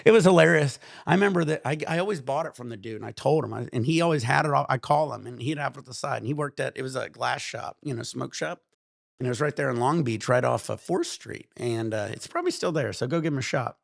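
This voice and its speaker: A man's voice: mid-range voice, lively intonation, quick pace, gravelly, dry recording, studio quality. A man in his thirties hosting a casual livestream, telling rambling, profane stories and chatting with viewers. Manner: rambling, profane storytelling with frequent laughs. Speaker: cannabis stream host.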